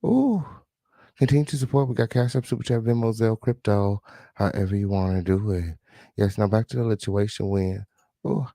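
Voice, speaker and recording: A man's voice: fairly low pitch, steady tone, a little fast, dark tone, no echo. A man hosting a live stream, reacting with sassy, profane commentary and asking viewers for support.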